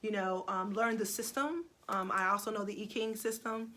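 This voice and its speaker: Bright-voiced expressive woman astrologer. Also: mid-range voice, moderate pace, slight background noise. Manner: expressive, laughs often, gets emotional. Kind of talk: casual chat on a live video.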